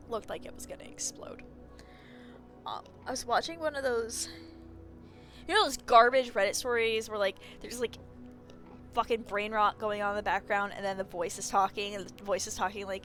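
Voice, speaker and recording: A woman's voice: mid-range voice, a bit bright. A young woman streaming, chatting casually in a rambling way and swearing freely. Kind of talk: casual chat.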